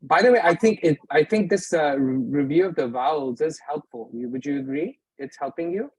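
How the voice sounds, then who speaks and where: A man's voice: fairly high pitch, lively intonation, a little fast, a little mellow, husky, no echo, poor audio. A man teaching beginners in a live class, patient, often checking that his students follow. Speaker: Arabic teacher. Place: mosque classroom.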